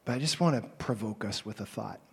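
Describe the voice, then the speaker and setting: A man preaching a sermon as a pastor, swinging between loud, animated calls and soft, hushed passages. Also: lowish voice, fast talker, creaky, breathy edge.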